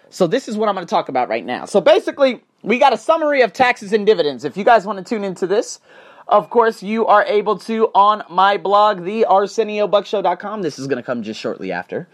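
Brief: male podcaster, a bit high-pitched, salty and animated. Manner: blunt, profane, animated storytelling. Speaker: podcast host. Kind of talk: solo podcast monologue.

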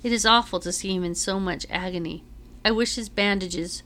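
A woman teacher reading a novel aloud to her class in a measured storytelling voice with dramatic emphasis. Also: mid-range voice, bright, forceful tone.

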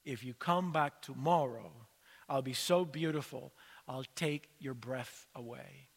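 A frail homeless woman speaking softly and quietly, repeating herself, as a preacher quotes her. Her slow words ring out in a large church with a long echo. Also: mid-range voice, vocal fry, slightly rough, pitched below the performer's own voice. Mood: soft, tender. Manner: soft, quiet repetition. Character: frail homeless woman, soft-spoken, hopeful.

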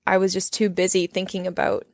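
A woman's voice: medium pitch, little pitch movement, brisk, gravelly, a little mellow, no echo. Young woman guest, earnest and reflective, casual faith chat, dry close sound. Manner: earnest, reflective, frequent "like" and "you know". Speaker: guest sharing her story.

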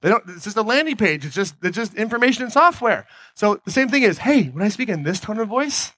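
Energetic male motivational speaker, dry close sound. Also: high-pitched, quick pace, no echo. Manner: energetic, addresses the audience with questions. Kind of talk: live motivational talk on stage.

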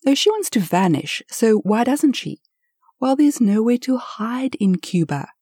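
Husky, dark-voiced woman storyteller. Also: fairly high pitch, unhurried, dry recording, clean studio sound. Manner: lively, expressive telling with dramatic swells. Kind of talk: told story narration.

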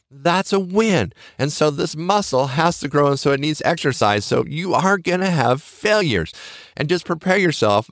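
A man's voice: mid-range voice, a bit bright, no echo, clean studio sound. A middle-aged man hosting a podcast, giving earnest, encouraging motivational talk that circles back to its key phrases. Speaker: podcast host.

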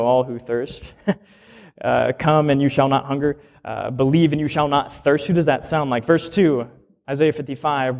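Man preaching, rhetorical questions. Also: fairly high pitch. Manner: conversational, asks rhetorical questions. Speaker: minister. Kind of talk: teaching sermon.

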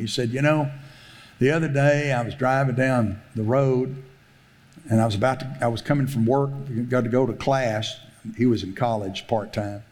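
Preacher guy telling a story in a sermon, lively, keeps laughing, plays all the voices, middle-aged. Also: medium pitch, moderate pace. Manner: animated storyteller, laughs often, acts out quoted voices. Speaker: pastor.

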